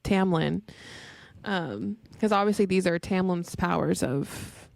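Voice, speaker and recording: Woman co-host, some vocal fry, frequent agreements, dry close sound. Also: on the low side, slow pace, a little mellow, no echo. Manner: chimes in with short agreements and corrections. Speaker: podcast co-host. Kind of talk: casual chat about a book.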